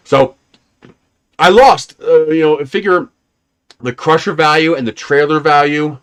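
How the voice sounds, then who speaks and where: A man's voice: on the high side, expressive, measured pace. A man casually rambling through personal stories on a livestream, laughing often and swearing now and then. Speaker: livestream host.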